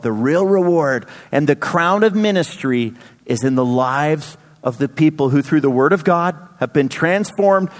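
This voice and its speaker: A man in his thirties preaching a sermon in a church, energetic, with sudden loud bursts. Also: on the high side. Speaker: pastor. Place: church sanctuary. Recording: long hall reverb.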